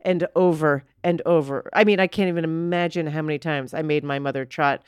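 A woman comedian chatting as a guest, animated and quick to act out quoted voices. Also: low voice, smooth, no echo. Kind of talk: casual chat.

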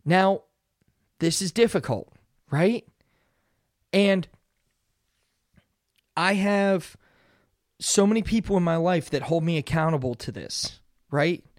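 A man's voice: sits high, takes it slowly, pauses often, dry recording, studio quality. A young man hosting a solo motivational podcast, talking earnestly and conversationally and often checking in with "right?". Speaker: podcast host.

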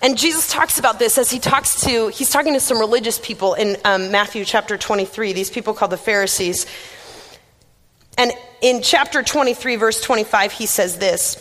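A woman's voice: fairly high pitch, brisk, a bit bright. A young woman giving a casual, conversational sermon as a youth minister, chatty and self-deprecating, with lots of "like". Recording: long reverb of a large room.

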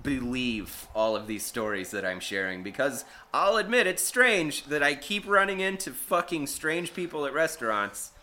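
A man's voice: medium pitch, moderate pace, hardly any pauses. A man telling a rambling, profane story in casual podcast chat, acting out the people in it. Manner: profane, animated, acts out quotes.

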